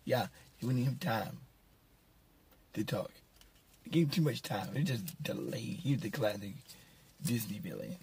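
A man's voice: on the low side, expressive, moderate pace, long pauses, darkish tone, slight background noise. A man giving a casual, rambling film review, sarcastic and mocking, chuckling at his own jokes. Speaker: movie reviewer.

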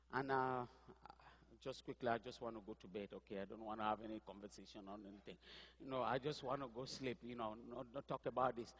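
A man from Cameroon preaching a sermon, telling his own story, with quiet asides and sudden loud outbursts. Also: mid-range voice, husky, big-room sound. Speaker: pastor. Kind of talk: sermon testimony.

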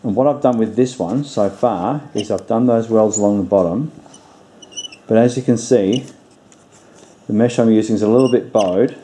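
A man hosting a do-it-yourself channel, sounding nasal and congested from illness, explaining his work in a relaxed, plain-spoken, practical way. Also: lowish voice, normal speed, slight background noise. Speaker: DIY channel host. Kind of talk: casual how-to explanation.

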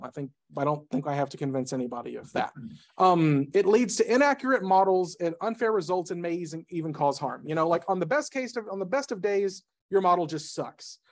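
A man giving a casual technical talk at a meetup, who talks quickly, breaks off mid-sentence and drops jokey asides. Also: fairly high pitch. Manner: rapid, self-interrupting, jokey asides. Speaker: conference speaker. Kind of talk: casual tech presentation. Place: meetup presentation room.

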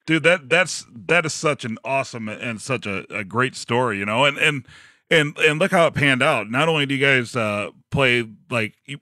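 Male podcast host, bright tense tone, eager, dry close sound. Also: mid-range voice, expressive, moderate pace, no room sound. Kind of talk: casual interview chat.

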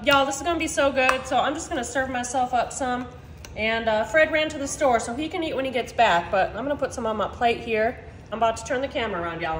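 A woman's voice: sits high, fairly bright tone, slight background noise. A woman chatting upbeat to her viewers while she cooks at home, talking straight to the camera. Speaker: home cooking vlogger. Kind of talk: casual cooking demonstration. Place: home kitchen. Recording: echoey kitchen room.

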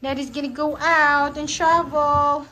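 A woman's voice: high-pitched, little pitch movement, a little slow, sharp tone, slight background noise. A young adult woman and mother, chatting casually and cooing in baby talk to her children while filming a family home video on a phone.

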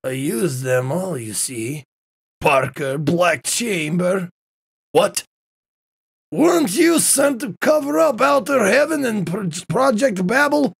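Brief: man doing a sneering game villain general, gravelly, pitch leaping all over, taunting. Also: expressive, takes it slowly, hardly any pauses, no room sound, exaggerated voice. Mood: gloating. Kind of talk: reading game dialogue aloud on a stream.

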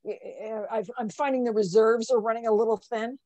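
A woman author on a video call, talking in a relaxed, chatty way and reading out audience questions. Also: on the high side, brisk, no echo, muffled recording. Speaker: author and event co-host. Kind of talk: casual chat.

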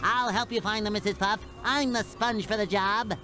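A man's voice: sits high, fairly even intonation, normal speed, bright, forceful tone, faint music behind. A man voicing a cheerful, overeager young male sea sponge in a cartoon game. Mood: eager. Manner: chirpy, overeager.

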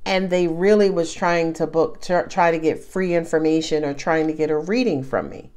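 A woman's voice: lowish voice, darkish tone. A woman reading tarot cards to camera in a casual, emphatic way, full of slang and calling the listener baby. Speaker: tarot reader.

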